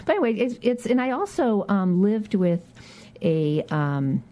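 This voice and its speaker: A woman in her sixties from Michigan with a Midwestern accent, a city council member recalling her youth in a relaxed radio interview, laughing often and talking with many fillers and restarts. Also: medium pitch, a little slow. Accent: Midwestern American. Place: radio studio.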